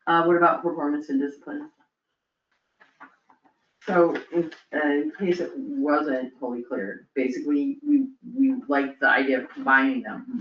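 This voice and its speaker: A high, lively voice belongs to a chatty man explaining policy drafts at a town board meeting, quick to laugh at himself. He sits some way from the mic, so the sound comes across dull and roomy, with the hall ringing around him. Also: far from the mic, slight background noise. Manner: chatty, laughs often, self-deprecating. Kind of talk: casual meeting discussion.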